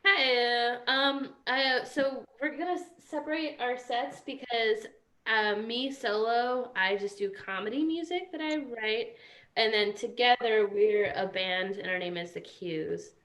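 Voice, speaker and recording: A woman's voice: on the high side, measured pace, fairly bright tone. A woman, a comedy musician, chatting casually at home over a video call in a rambling way.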